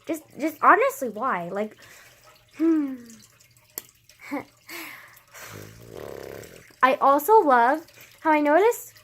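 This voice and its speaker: A woman's voice: sits high, a bit bright. A young woman vlogging casually, rambling with lots of fillers and frequent swearing, self-deprecating.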